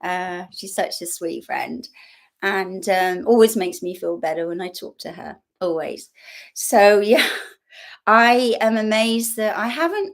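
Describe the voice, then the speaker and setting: An English woman talking casually to viewers on a live stream at home. She rambles in a chatty way with frequent fillers, asides and soft laughter, at an ordinary middle pitch. Her voice is picked up by a built-in laptop microphone. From England. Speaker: YouTube host.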